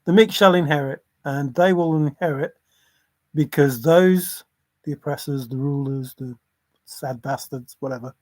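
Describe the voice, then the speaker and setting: A man's voice: fairly high pitch, a little slow, no echo. Rambling man on a livestream, dry sound. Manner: rambling, chuckling, apologetic. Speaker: livestream host. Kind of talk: casual livestream chat.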